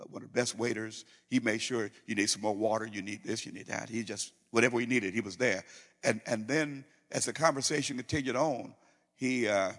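Gravelly-voiced man preaching in a big hall. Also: fairly low pitch, fairly bright tone. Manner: storytelling, acting out dialogue, many restarts. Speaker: pastor. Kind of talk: sermon. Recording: reverberant hall.

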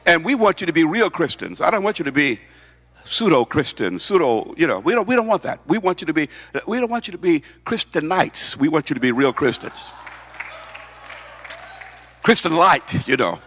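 Emphatic high-voiced male preacher. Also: big pitch swings, normal speed, fairly bright tone. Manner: emphatic, repeats words, asks the congregation questions. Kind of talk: sermon. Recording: long hall reverb.

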